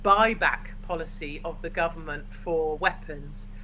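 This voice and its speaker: Brief: outspoken English woman guest, bright forceful voice, slightly low pitch. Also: a little hiss or hum, poor audio. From United Kingdom. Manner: forthright, brisk and opinionated. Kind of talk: casual video-call chat.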